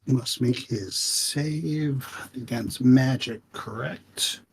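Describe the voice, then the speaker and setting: A man narrating a tabletop game as game master, unhurried and pausing often with fillers. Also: medium pitch, creaky, slight background noise.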